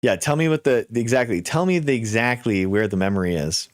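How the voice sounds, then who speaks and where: A man hosting a casual livestream, talking to viewers with quick restarts and mocking asides. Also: mid-range voice, dry recording, studio quality. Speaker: livestream host.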